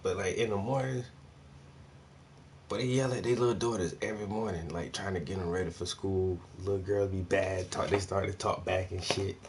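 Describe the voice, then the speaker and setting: A man's voice: low voice, steady tone, normal speed, a little hiss or hum. A man ranting casually about his neighbors, slangy, profane and full of laughs. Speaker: vlogger, artist. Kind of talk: casual rant.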